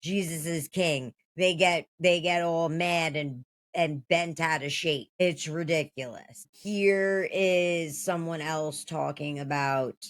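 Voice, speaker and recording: Commentary host, slow talker, rambling, casual. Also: medium pitch, fairly even intonation, a bit bright. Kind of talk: commentary vlog.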